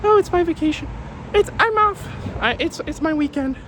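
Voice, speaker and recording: A man voicing a whiny young male coworker who pleads for help in a high, wheedling voice. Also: expressive, normal speed, noisy background. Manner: high-pitched, wheedling, begging.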